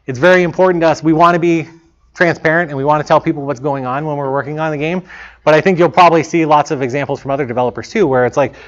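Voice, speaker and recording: A man with a fairly high voice gives an informal talk to students about game development, racing along in a chatty, casual way. He quotes himself in lively asides, acting out past moments, and the recording is dull and lo-fi.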